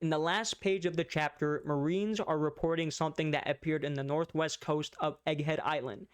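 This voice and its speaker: A man's voice: on the high side, steady tone, normal speed, clean tone. A man recapping and reacting to a manga chapter in casual commentary, full of slang, fillers and stutters.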